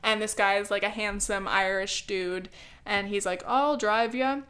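A woman's voice: medium pitch, little pitch movement, moderate pace, bright, forceful tone. A young woman vlogger chatting casually and sarcastically about a movie, with lots of filler words, into a camera mic. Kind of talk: casual movie review chat.

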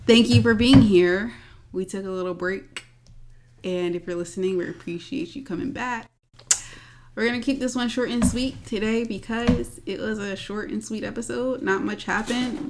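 A woman's voice: medium pitch, background noise. A woman hosting a podcast with her younger sister, chatting casually and teasing her. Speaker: podcast co-host. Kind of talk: casual chat.

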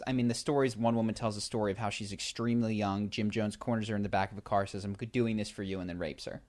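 Animated male storyteller in casual chat. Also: mid-range voice. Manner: animated storyteller, many fillers and restarts.

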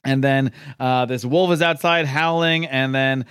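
A man's voice: medium pitch, steady tone, unhurried, fairly bright tone, clean tone, no echo. A man chats casually as a podcast host, retelling a comic's plot in a loose, rambling way full of ums and likes. His voice sits in a middle range and sounds dry and close to the mic. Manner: rambling retelling with many fillers and quoted lines. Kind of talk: casual chat, recapping a comic.

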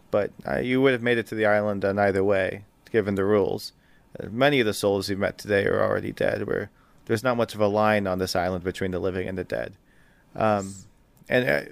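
A man's voice: on the low side, creaky, dry recording. A man voicing a mysterious lady who rules an island of the dead, solemn and apologetic, in a tabletop game.

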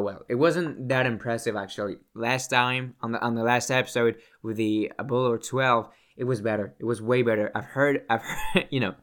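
A man's voice: on the low side, fairly bright tone. A man talking casually as a whiskey vlogger, rambling and restarting his sentences and swearing now and then. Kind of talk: casual chat.

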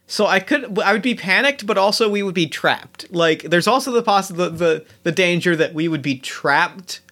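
A man's voice: sits high, lively intonation, normal speed, sharp tone. A man playing a tabletop game, thinking aloud and restarting as he describes his moves. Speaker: player.

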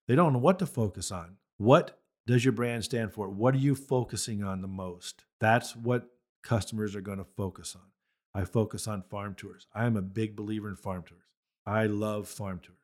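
A man who raises beef cattle, hosting a podcast and talking bluntly and emphatically about marketing with folksy conviction. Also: lowish voice. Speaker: cattle farmer and podcast host. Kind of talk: motivational podcast talk.

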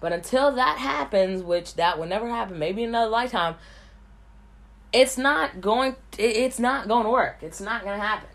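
A woman's voice: a little high, lively intonation, normal speed, a bit bright. Woman doing her solo podcast, blunt, rambly, says stuff twice. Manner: rambling, blunt, repeats words. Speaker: podcast host. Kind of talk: casual solo podcast talk.

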